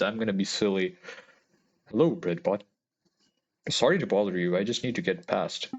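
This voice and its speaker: Gaming streamer, man, lowish voice, slightly muffled sound, faint music behind, playful reads. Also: expressive, a little slow, pauses often. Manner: playful, reading aloud with dramatic emphasis. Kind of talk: gameplay commentary and reading game text.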